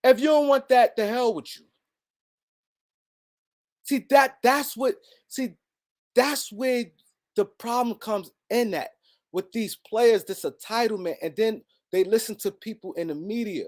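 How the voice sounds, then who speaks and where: A man's voice: very high-pitched, unhurried. A man hosting a heated solo sports commentary, repeating his points for emphasis and talking straight at absent players.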